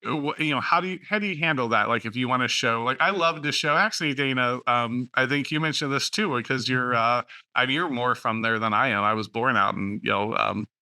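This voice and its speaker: A man's voice: mid-range voice, a little fast, few pauses, sharp tone, smooth, no echo. A male podcast host from West Virginia and Western Pennsylvania, moderating a writers' panel in a rambling way full of fillers. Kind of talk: casual roundtable chat.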